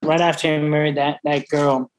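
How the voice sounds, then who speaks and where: A middle-aged man, a restaurant owner, talking brashly and profanely in a casual interview, full of excited stories. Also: on the high side, moderate pace, rough recording. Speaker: restaurant owner and wine expert.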